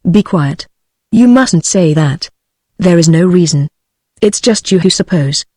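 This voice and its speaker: A synthetic British woman's voice reading the lines of an anxious, grieving middle-aged mother in an even, measured way. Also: fairly low pitch, no room sound, studio quality.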